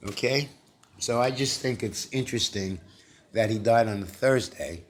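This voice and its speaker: A man giving informal Bible commentary, recovering from a cough. He talks in a halting way, repeating words, asking rhetorical questions and growing insistent. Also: medium pitch. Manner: grows heated and insistent. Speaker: lay preacher.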